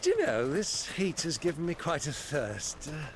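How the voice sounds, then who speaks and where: An actor voicing a gruff, dry-humored middle-aged warrior in a video game, heard through game audio with background noise. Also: male voice, on the high side, wildly swooping pitch, moderate pace. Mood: wry.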